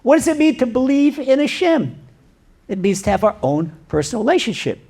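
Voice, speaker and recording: A man, a rabbi, giving a sermon, telling a parable in an animated way with rhetorical questions. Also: very high-pitched, a little fast, breathy edge. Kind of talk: sermon with storytelling.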